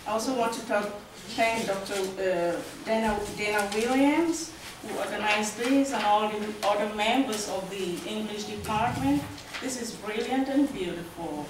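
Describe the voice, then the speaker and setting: A woman's voice: medium pitch, moderate pace. Cameroonian woman reading in an echoey room. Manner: earnest, emphatic, rising to loud stresses. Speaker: guest poet. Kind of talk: poetry reading with remarks. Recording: echoey room, distant mic, background noise.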